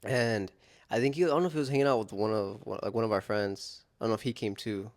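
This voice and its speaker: A man's voice: fairly low pitch, fast talker. Young man, laid-back slangy talk. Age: young adult. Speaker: vlogger telling a story. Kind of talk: casual storytelling chat.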